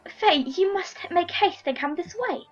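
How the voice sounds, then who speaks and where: A woman's voice: extremely high pitch, animated, a little slow, dull audio, faint music behind, voice pushed up. A woman voicing a bubbly young noblewoman in a story game, eager and breathless. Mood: excited. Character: bubbly young noblewoman, gushing over officers.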